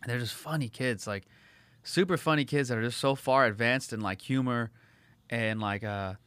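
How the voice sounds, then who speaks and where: A man from Los Angeles hosts a casual chat, rattling off funny stories about the neighborhood he grew up in. He talks fast and rambles, swears a lot, and does voices for laughs. His medium-pitched voice is a bit bright, with a clean tone and no echo.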